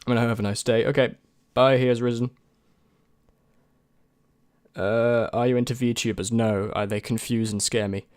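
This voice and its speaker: A man's voice: medium pitch, fairly even intonation, normal speed, long pauses, a little mellow, smooth, no echo, clean studio sound. A young man and YouTube creator in casual chat, answering viewer questions in a rambling, hesitant way with many restarts.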